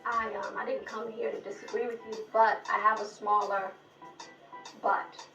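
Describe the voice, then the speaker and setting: A woman's voice: medium pitch, level tone, moderate pace, creaky. Female talk show host, teasing and playful, distant roomy recording. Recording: roomy, distant, loud music over it.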